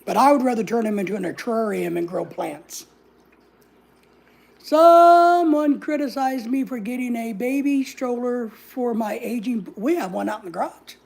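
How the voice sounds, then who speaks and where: Sassy, gravelly woman. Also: a little high, darkish tone. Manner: sassy, blunt, swears freely, acts out other people's lines. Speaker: vlogger. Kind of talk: casual storytelling.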